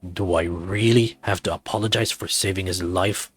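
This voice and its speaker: A man's voice: deep voice, fairly even intonation, moderate pace, breathy edge, soft background music. A man voicing a big, irritable gray male werewolf who grumbles sarcastically. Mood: annoyed.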